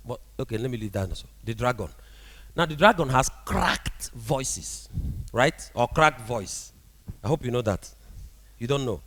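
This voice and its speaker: A man preaching a sermon as a prophet, animated and often asking the congregation rhetorical questions. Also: on the high side, in a large hall.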